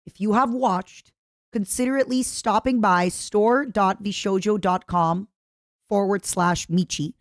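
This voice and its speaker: A woman's voice: medium pitch, unhurried, no echo, studio quality. A woman streamer chatting casually as she reacts to a video, rambling and plugging merch.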